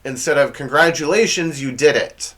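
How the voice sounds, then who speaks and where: A man's voice: a little high, moderate pace, a bit bright. A man hosting a comedic monologue, sarcastic and exasperated, often stumbling over his words. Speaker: comedy show host.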